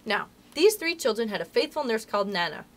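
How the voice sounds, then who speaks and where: A librarian reading a storybook aloud to children in a friendly, expressive way. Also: female voice, fairly high pitch, brisk.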